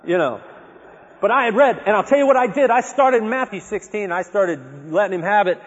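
A man gives a lively personal testimony to an audience, acting out the words he remembers saying. His voice is high-pitched and a little fast, captured in a dull, echoey hall.

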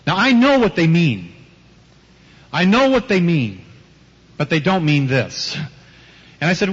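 Emphatic high-voiced male preacher. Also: expressive, a little fast, fairly bright tone. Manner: emphatic, rhetorical questions, teasing. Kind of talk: sermon with personal stories. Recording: dull audio with long hall reverb.

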